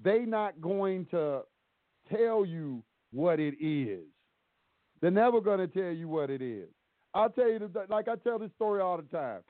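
Animated man on a tinny phone line. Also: sits high, a little slow, dry recording. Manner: animated, acts out both sides of dialogue. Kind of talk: casual storytelling on a call-in show. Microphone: phone call.

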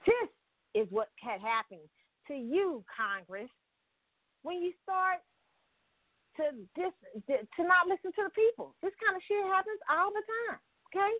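A woman's voice: very high voice, expressive, measured pace, long pauses, no room sound. Ranting woman on a tinny phone line. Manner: blunt, heated, swearing freely, with frequent laughs. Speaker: vlogger. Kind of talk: profane political rant.

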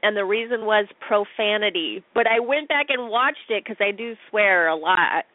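A woman's voice: mid-range voice, normal speed, no echo. Bubbly giggly woman on a tinny line. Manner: bubbly, giggly, self-deprecating. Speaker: podcast host. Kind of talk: casual solo podcast talk. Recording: tinny phone-line sound.

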